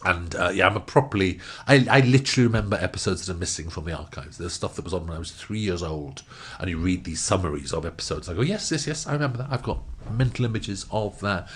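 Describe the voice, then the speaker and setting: A middle-aged man talking as a guest screenwriter, enthusiastic and gushing with quick bursts of excitement. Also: sits low, husky. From Wales. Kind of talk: casual chat.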